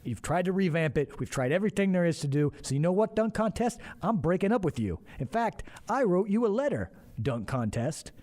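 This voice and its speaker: A man hosting sports talk radio, ranting in a heated, animated way. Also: sits high, fairly quick.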